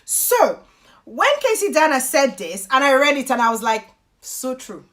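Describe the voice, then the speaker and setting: Bright, lively Nigerian woman streamer. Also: sits high, moderate pace. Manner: animated, chatty, slips into pidgin and laughs often. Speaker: YouTube host and life coach. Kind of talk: live-stream chat reading viewer comments.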